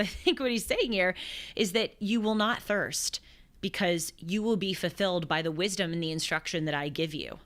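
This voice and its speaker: A woman's voice: fairly low pitch, fairly bright tone. A woman in her twenties hosting a talk show, giving earnest, thoughtful commentary on scripture and often restarting her phrases mid-thought. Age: 20s. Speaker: show host.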